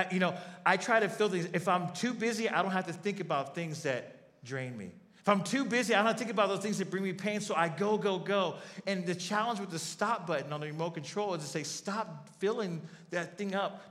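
A man's voice: on the high side, a bit bright. A man preaching a sermon in an earnest way, repeating key phrases for emphasis. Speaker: pastor. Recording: long hall reverb.

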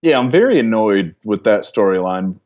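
Low-voiced man on a dull lo-fi mic. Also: normal speed. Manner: relaxed, laughs often. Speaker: podcast guest. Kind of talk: casual podcast chat.

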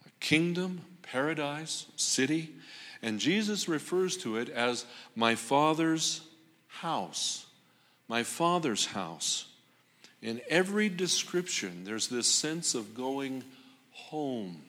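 A man preaching a sermon with dramatic pauses and rising emphasis on repeated phrases. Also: medium pitch, fairly bright tone. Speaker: pastor. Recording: long hall reverb.

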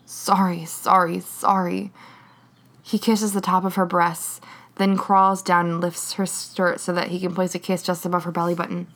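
Woman narrator, low voice, measured, reading fiction aloud. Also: level tone, a bit bright. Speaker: reader.

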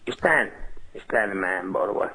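A man's voice: fairly low pitch, lively intonation, normal speed, creaky, bright, forceful tone, slightly rough, rough recording. A man with an English accent calling into a show, crude and pushy, swearing as he talks. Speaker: caller. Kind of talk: phone call to a show.

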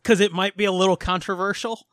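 Casting note: high, bright-voiced man hosting a loose, crude podcast. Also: steady tone, fast, no echo, clean studio sound. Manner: joking, crude, laughs often. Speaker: podcast host. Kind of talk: casual podcast chat.

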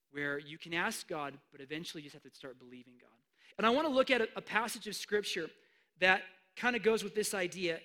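A man preaching a sermon, animated, swinging between hushed asides and loud emphatic declarations. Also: on the high side. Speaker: pastor.

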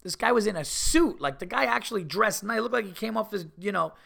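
A middle-aged man telling a rambling, animated story on his podcast, full of restarts and asides. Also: high voice, quick pace, gravelly. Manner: rambling, animated, with many restarts and mock voices. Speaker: podcast host. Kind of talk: casual storytelling.

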